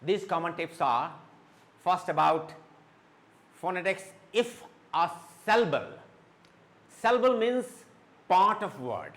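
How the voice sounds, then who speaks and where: Tutor, male, slightly high voice, drills words slowly, mixes in Hindi. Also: very animated, a bit bright. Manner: slow, repeats words and says okay often; mixes Hindi explanations into English. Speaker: English teacher. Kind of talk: spoken English lesson.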